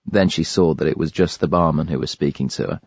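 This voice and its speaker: A man narrating an audiobook thriller in a measured, grave read. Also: a bass voice, breathy edge, no room sound, dull audio. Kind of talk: scripted narration.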